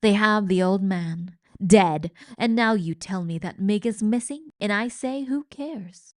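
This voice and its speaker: A woman voicing a gruff, scornful woman servant in a storybook reading, speaking in a raised voice. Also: mid-range voice, unhurried, no echo, clean studio sound, close to an everyday voice. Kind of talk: storybook read-aloud.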